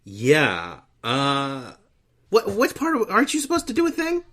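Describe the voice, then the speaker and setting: Lively, animated man hosting a podcast. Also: high-pitched, measured pace. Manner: animated, laughing, stumbles over words. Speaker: podcast host. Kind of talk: casual comedy podcast chat.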